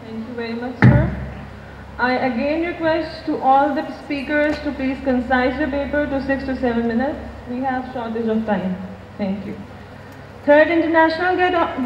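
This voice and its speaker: Female moderator, high pitch, dull echoey recording. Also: a little hiss or hum. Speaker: event moderator. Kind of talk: formal announcement. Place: large lecture hall. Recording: echoey hall, dull sound.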